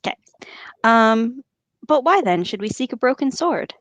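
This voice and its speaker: A woman's voice: lively intonation, moderate pace, pauses often, a bit bright, dry recording. A woman with a Colorado accent co-hosting a podcast, chatting and joking between passages she reads aloud. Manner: joking, reads narration in a lower solemn voice. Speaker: podcast co-host reading aloud. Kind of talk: casual chat and book read-aloud.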